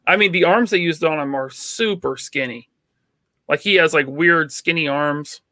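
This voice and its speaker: A man's voice: on the high side, normal speed, pushed and bright, no room sound. A man co-hosting a casual podcast, opinionated and teasing, with lots of fillers. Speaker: podcast co-host. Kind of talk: casual chat.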